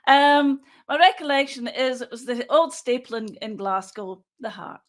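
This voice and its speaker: A woman in her sixties speaks in a voice a touch higher than most. She answers interview questions as a forensic pathologist, measured and matter-of-fact, often thinking aloud. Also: expressive.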